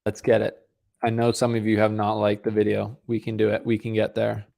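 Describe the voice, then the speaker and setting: A man's voice: on the low side, monotone, fairly quick, vocal fry, a little mellow. A man hosting a live tennis watch-along stream, giving casual, rambling commentary and chatting with viewers. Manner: casual, rambling, talks to chat. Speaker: stream host. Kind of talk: live match commentary and chat.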